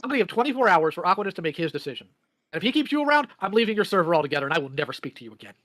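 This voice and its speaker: A man's voice: sits high, big pitch swings, racing, fairly bright tone, dry recording. A man on a voice call angrily confronting someone, accusatory and emphatic. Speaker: voice call participant.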